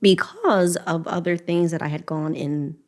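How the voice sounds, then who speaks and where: A middle-aged woman shares her story as a podcast guest, earnest and emotional. Her voice sits a little low, and she often slips into quoting her own prayers. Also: normal speed, a little mellow. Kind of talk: personal testimony in a podcast interview.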